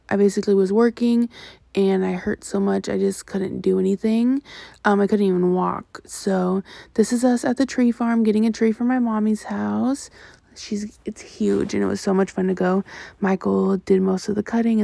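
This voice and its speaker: A woman's voice: mid-range voice, gravelly, dark tone, dry recording. A young woman vlogger narrating a casual year recap over her clips, chatty and rambling with many ums and self-corrections.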